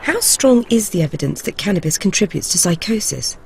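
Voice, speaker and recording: A woman's voice: medium pitch, very animated, a little fast, vocal fry, heavy background noise. A woman presenting a documentary, narrating candidly in the first person and interviewing experts.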